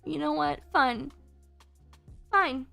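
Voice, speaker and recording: Playful high-voiced woman streamer. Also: creaky, pushed and bright. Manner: playful, shifts between very fast and deliberately slow speech; teasing, mock-offended outbursts at chat. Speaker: VTuber streamer. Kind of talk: casual chat while drawing on stream. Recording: faint background music.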